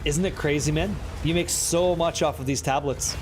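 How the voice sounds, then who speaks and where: A man streaming a game live, excitable and profane as he banters with his chat. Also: fairly high pitch, normal speed, over music. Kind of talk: live gameplay commentary chatting with viewers.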